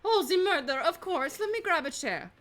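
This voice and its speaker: A woman's voice: very high voice, expressive, moderate pace, fairly bright tone, faint music behind, voice pushed up. A woman voicing a prim, courteous giraffe housemaid in a video game, with a put-on French accent. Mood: polite. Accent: mock French. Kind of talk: let's play dialogue reading.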